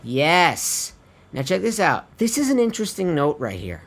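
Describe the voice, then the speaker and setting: Faint music plays behind a man with a somewhat high, slightly bright voice and huge pitch swings, speaking at normal speed. A music producer, he casually walks viewers through vocal tuning on a screen recording, chatty and relaxed, swearing offhand and calling them his friends.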